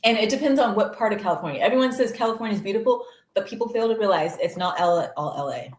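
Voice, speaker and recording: A woman's voice: mid-range voice, animated. Chatty easygoing woman co-host. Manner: chatty, easygoing, quick to laugh. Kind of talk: casual chat. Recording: roomy echo.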